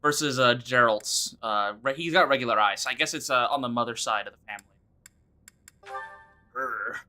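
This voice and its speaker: A man's voice: medium pitch, normal speed, sharp tone. A man streaming a game and making joking, sarcastic asides as he plays. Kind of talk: casual gameplay commentary.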